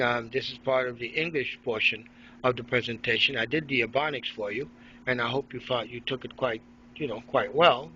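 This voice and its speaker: A man's voice: medium pitch, fairly bright tone. Ranting, profane man from Haiti. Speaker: vlogger recording a personal log. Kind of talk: angry rambling monologue. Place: hospital room. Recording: dull lo-fi with faint noise.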